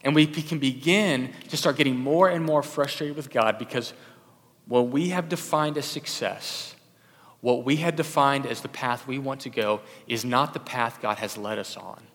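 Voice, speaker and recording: A man's voice: mid-range voice, moderate pace, fairly bright tone. A young adult man preaching a sermon as a pastor, conversational, with many fillers and restarts. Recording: long hall reverb.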